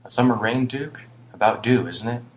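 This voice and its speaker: A man's voice: medium pitch, moderate pace, slight background noise, pitched above the performer's own voice, lightly acted, poor audio. A man voicing a weary, older homeless British man who rambles ruefully and reproaches himself. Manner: rambling, rueful, muttering at times.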